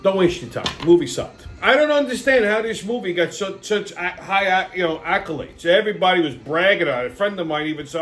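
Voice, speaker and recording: A man's voice: high-pitched, lively intonation, a little fast, few pauses, fairly bright tone, faint music behind. A man in his fifties hosting his own show, ranting casually and profanely with lots of animation. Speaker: host. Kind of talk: casual monologue.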